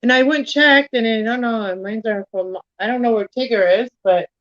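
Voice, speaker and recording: A woman's voice: a little high, normal speed, muffled recording. Chatty woman baking at home. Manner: rambling, chatty, easily distracted. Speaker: livestream host. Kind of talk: casual home livestream chat. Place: home kitchen.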